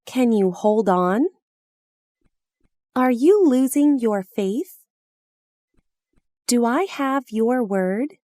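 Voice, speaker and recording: A woman reading practice phrases slowly and carefully for language learners, each line delivered clearly and deliberately. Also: a little high, lively intonation, warm tone, no room sound, studio quality. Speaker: phrase reader.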